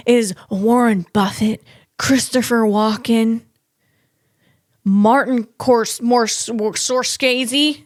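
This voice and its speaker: A woman comedian riffs through a casual podcast monologue in a fairly high voice. She talks slowly and stretches her words, animating her stories with acted-out quotes. The recording is dry and close. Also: dry recording.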